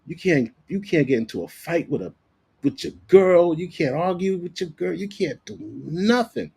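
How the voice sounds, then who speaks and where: A man ranting casually about football, profane and animated, often repeating himself. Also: fairly high pitch, normal speed, gravelly, breathy edge. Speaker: sports commentator vlogger.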